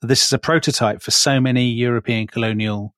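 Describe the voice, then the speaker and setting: A man's voice: medium pitch, steady tone, fast talker, fairly bright tone, no echo. A man co-hosting a podcast, telling history in a chatty, teasing way. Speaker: podcast co-host. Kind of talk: casual history chat.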